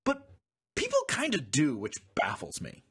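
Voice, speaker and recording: A man co-hosting a podcast in casual chat, animated and laughing often. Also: on the high side, moderate pace, husky. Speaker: podcast co-host.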